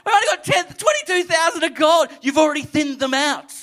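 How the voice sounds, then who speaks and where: A man putting on a whiny, high-pitched panicked warrior. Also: animated, a little fast, bright, forceful tone, full character voice. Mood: pleading. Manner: whiny, protesting. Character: anxious pleading male biblical warrior.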